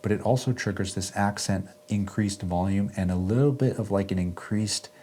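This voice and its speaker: A man hosting a casual music gear walkthrough, relaxed and chatty, often checking in with "right?". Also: on the low side, normal speed. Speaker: music gear video host. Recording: faint synth music underneath.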